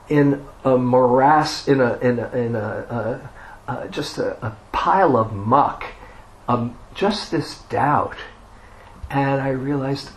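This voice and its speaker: A man giving a dharma talk as a meditation teacher, telling a personal story in an unhurried way with self-deprecating humor. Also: medium pitch, low-quality recording.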